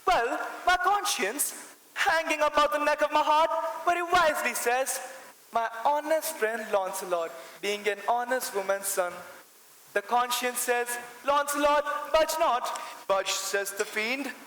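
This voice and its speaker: A jittery comic servant, played by a young man in a school stage production. His very high, bright voice drags out each word for laughs. A long hall reverb trails behind him. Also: exaggerated voice. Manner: mock-debating aloud, drawn-out comic delivery. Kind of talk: stage play acting.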